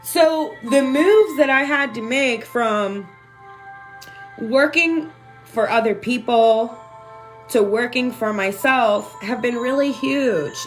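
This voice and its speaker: A young to middle-aged woman, a little high-pitched, talks openly and emotionally to her livestream audience. She swears freely and keeps checking in with "right?" as she speaks. Soft music plays faintly behind her. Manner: conversational, keeps asking "right?". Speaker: spiritual self-help vlogger. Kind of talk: candid livestream talk to viewers.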